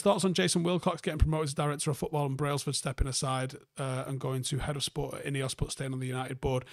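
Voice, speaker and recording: A man's voice: mid-range voice, no echo, clean studio sound. Rambling sweary man reading chat. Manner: rambling, sweary, frequent ums and restarts. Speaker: host reading viewer comments; army veteran. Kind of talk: casual live-stream chat.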